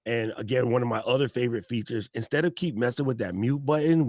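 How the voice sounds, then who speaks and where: A man, a guest tech expert in a casual video-call interview, explaining with folksy animated talk and laughs. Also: mid-range voice, brisk, no room sound, clean studio sound. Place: home office.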